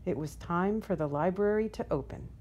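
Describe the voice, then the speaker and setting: A woman reading a children's picture book aloud in a gentle, unhurried storytelling manner. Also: on the low side, muffled recording, a little hiss or hum. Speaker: storybook reader.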